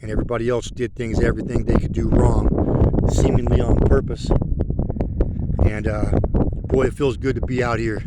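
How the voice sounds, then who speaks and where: A man's voice: mid-range voice, little pitch movement, moderate pace, pauses often, heavy background noise. A middle-aged man, talking in a rambling, heartfelt way while out on a country road. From rural country background. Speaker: motorcycle vlogger. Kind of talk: casual spoken vlog while riding.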